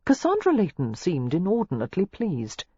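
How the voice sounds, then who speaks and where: Husky-voiced woman narrating an audiobook. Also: fairly low pitch, normal speed, no room sound, highs cut off. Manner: steady, expressive storytelling.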